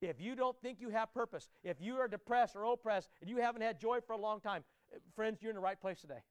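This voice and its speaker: A man preaching a sermon to his congregation, emphatic and direct, often repeating his words and rising to loud climaxes. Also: high voice, fast, clean tone, no echo. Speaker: pastor.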